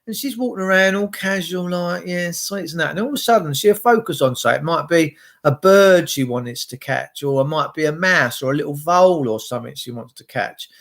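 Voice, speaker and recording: High-voiced man rambling on a live stream. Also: brisk, vocal fry, hardly any pauses, a bit bright. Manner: rambling, swearing, greets viewers by name. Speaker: livestream host.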